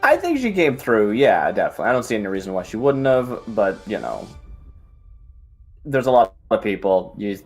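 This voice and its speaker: A man with a fairly low voice speaks as a player at a tabletop game. He rambles casually, filling his talk with "like" and "I mean." Faint music sits under his voice. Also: wildly swooping pitch, moderate pace. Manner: loose, rambling, lots of likes.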